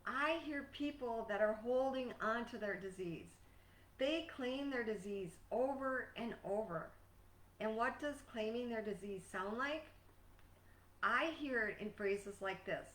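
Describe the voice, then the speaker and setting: A woman life coach giving a scripted motivational talk in an earnest, measured, emphatic way. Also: on the high side, fairly bright tone. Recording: echoey room, distant mic.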